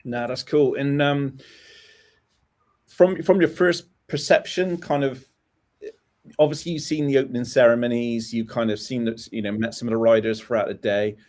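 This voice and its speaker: A man hosting a live motocross talk show, relaxed and chatty with plenty of "um" and "uh" fillers. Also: medium pitch, moderate pace. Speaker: host.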